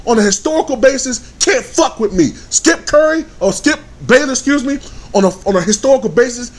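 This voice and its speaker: Heated, high-voiced man ranting in his thirties. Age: 30s. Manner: angry, swearing, shouting bursts. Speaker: sports vlogger. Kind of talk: heated profane rant.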